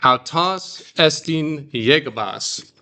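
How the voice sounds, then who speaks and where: A man teaching a classroom, drawing out phrases slowly for the class to repeat. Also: fairly high pitch, lively intonation, pushed and bright. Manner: slow, drawn-out model phrases for repeating. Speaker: Greek teacher.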